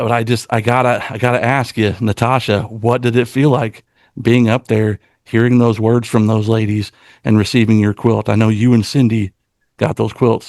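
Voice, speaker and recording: A man co-hosting a podcast, talking earnestly and from the heart, often circling back to restart a thought. His voice carries a gravelly fry and sounds dry and close to the mic. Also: medium pitch, a little mellow, no room sound. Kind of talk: casual podcast chat.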